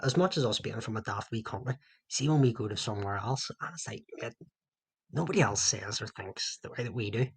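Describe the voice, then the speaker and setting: Husky Northern Irish man, sweary banter. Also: on the low side, animated, a little fast. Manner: sweary, banter-heavy storytelling. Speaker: podcast co-host. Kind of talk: casual chat between mates.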